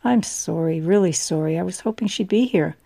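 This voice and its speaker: A woman's voice: on the low side, a little fast, gravelly, mellow. A woman voicing an overworked, earnest man. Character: tired overworked middle-aged man, earnest.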